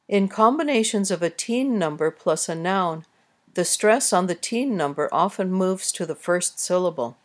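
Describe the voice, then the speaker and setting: A woman narrating a scripted pronunciation lesson, speaking carefully with clearly enunciated words. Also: fairly low pitch, lively intonation, normal speed. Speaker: English pronunciation teacher.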